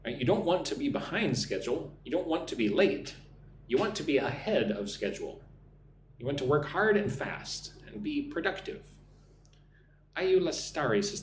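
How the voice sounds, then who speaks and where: Male English teacher, somewhat high voice, slow deliberate drills, encouraging, live-stream lesson. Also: sing-song. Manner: encouraging, thanks viewers by name. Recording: roomy echo with faint hum.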